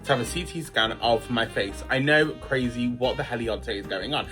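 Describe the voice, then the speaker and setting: A man's voice: mid-range voice, normal speed, sharp tone, faint music behind. Chatty guy telling a story. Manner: chatty, slangy, dramatic retelling. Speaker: vlogger. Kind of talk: casual storytime chat.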